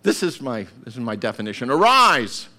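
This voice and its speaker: A man preaching a sermon, acting out voices and breaking into shouted calls to get up. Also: mid-range voice, very animated, moderate pace.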